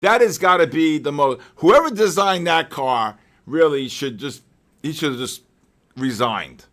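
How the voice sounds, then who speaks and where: An older man with a somewhat high voice runs a live trading stream. He talks excitably, breaking off from chart commentary into jokey tangents and sudden loud outbursts. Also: a little slow. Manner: excitable, joking storyteller with loud exclamations. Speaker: trading session host.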